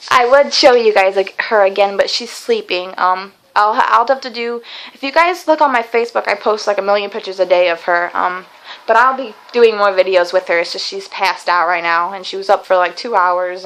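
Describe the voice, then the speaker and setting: A woman's voice: medium pitch, moderate pace, a bit bright, rough recording. A young woman telling a long personal story in a casual vlog, chatty and rambling, with many fillers and restarts. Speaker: vlogger.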